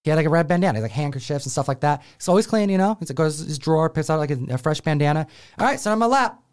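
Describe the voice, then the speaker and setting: A man's voice: a little high, racing, clear, resonant tone. A man from Buffalo, New York, hosting a comic book show and telling a family story in casual chat, acting out the voices of his relatives. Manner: animated, acts out family voices.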